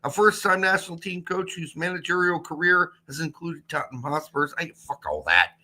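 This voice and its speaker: Co-host: man with a high, bright voice, dry and sarcastic, swears freely. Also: animated, moderate pace. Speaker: podcast co-host. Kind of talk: casual soccer chat.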